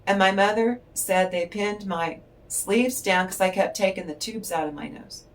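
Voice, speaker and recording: A woman's voice: medium pitch, normal speed. An older woman giving a tarot reading in a chatty, rambling storytelling way, laughing often. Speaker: tarot reader. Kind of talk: casual spiritual chat and storytelling. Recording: voice distant from the mic.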